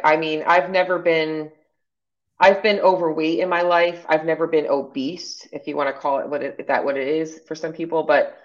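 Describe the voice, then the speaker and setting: A woman's voice: sits low, highs cut off. A woman co-hosting a casual podcast, coaching her partner in a chatty, encouraging way with many fillers. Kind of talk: casual chat.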